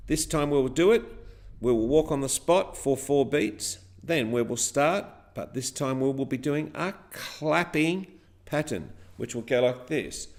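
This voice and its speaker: A man's voice: medium pitch, unhurried, background noise. A man teaching a class, guiding the pupils step by step through a chanted rhyme with counts and clapping. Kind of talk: classroom rhythm lesson.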